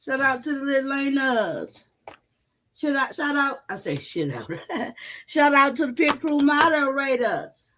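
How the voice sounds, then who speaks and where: Loud, bright-voiced woman livestreaming from home. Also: high voice, unhurried, slight background noise. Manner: animated, loud, profane, talks straight to her chat. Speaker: livestream host. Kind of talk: casual livestream storytelling. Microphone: phone.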